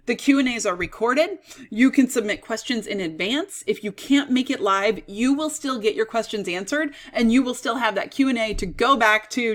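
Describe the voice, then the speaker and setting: Upbeat woman giving a sales pitch. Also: fairly bright tone. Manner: upbeat, persuasive, self-aware salesy. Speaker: business coach.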